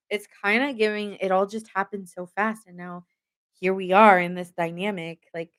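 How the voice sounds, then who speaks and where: A woman's voice: mid-range voice, steady tone, moderate pace, fairly bright tone. A woman giving a casual live tarot reading, chatting straight to her viewers and filling her talk with "like". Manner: chatty, lots of "like" fillers, talks straight to viewers. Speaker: tarot reader.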